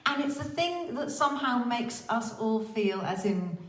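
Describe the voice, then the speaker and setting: Woman livestream host, chatty and theatrical, fond of swearing, slightly high voice, roomy echo. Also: animated, measured pace, a bit bright. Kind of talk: casual livestream chat.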